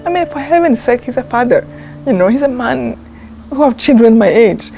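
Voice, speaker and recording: A woman, telling a personal story in a documentary interview, earnest and heartfelt, often pausing and restarting. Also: fairly high pitch, animated, gravelly, mellow, dull audio, faint music behind. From Rwanda. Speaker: interviewee, genocide survivor.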